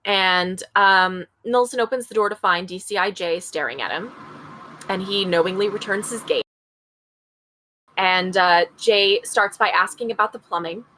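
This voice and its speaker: A woman co-hosting a podcast retells a true-crime case chattily at normal speed, reading passages aloud and adding her own asides. Her mid-range voice has a sharp tone, and the poor audio carries slight background noise.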